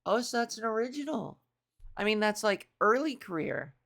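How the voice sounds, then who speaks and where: A woman's voice: a little high, sing-song, moderate pace, creaky, a bit bright. A woman in a casual reaction commentary, chatty and self-mocking, swearing now and then while she reads aloud and reacts. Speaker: video creator.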